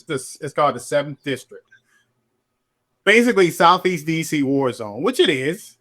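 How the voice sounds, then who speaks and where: A middle-aged police officer, appearing as a podcast guest, tells his story candidly and animatedly at a moderate pace. When he acts out what people said, his pitch jumps up into a higher voice.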